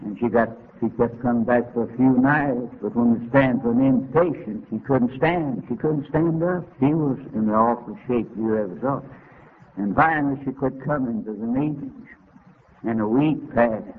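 A man preaching a sermon, telling a homespun story dramatically and climbing to emotional high points. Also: normal speed, breathy edge. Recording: tinny lo-fi narrow-band recording.

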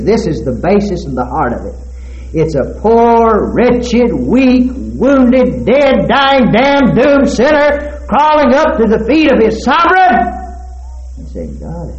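A man preaching a sermon, dropping to a hush and then building to shouted, climbing peaks. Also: slight background noise. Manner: swings from hushed and low to soaring shouted peaks. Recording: roomy, dull lo-fi recording.

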